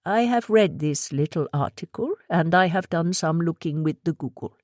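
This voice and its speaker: A woman voicing a middle-aged male shop owner who speaks in quick bursts with a heavy accent and stilted phrasing, in an audiobook. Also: lowish voice, sing-song, darkish tone, dry recording, studio quality, exaggerated voice. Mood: brisk concern. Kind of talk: audiobook character voice.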